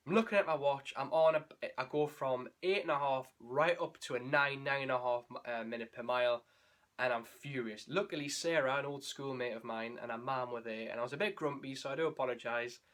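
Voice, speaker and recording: A young running vlogger gives a candid, emotional race recap, rambling and restarting as he tells the story. His voice is medium-pitched with a fairly bright tone, and he speaks briskly.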